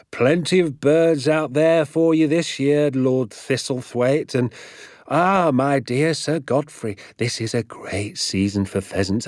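A man voicing an excitable, scheming father in an audiobook, talking in a hushed, conspiratorial way. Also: medium pitch, dry recording, clean studio sound, pitched above the performer's own voice, close to an everyday voice. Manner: conspiratorial, hushed then fervent. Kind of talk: audiobook character voice.

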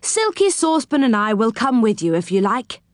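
A woman's voice: on the high side, big pitch swings, moderate pace, no echo, studio quality, pitched above the performer's own voice. A woman voicing a sensible male magical tree dweller. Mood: matter-of-fact.

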